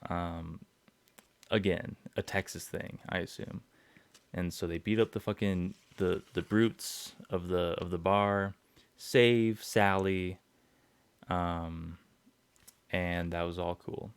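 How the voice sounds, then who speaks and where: A man's voice: deep voice, steady tone, slow pace, long pauses, smooth, no room sound. A young man hosting a podcast, rambling through an episode recap with lots of fillers, swearing and chuckles. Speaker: podcast host.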